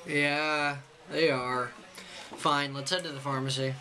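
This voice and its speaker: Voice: mid-range voice, steady tone, takes it slowly, creaky, bright, forceful tone, a little hiss or hum. A co-reader swearing and joking bluntly while reading lines with friends. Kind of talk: casual read-through with friends.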